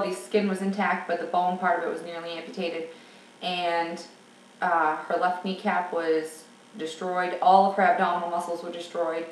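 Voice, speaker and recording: A woman talking frankly and at length in a candid personal vlog. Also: lowish voice. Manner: chatty and frank, rambling. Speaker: vlogger. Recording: roomy sound from a distance.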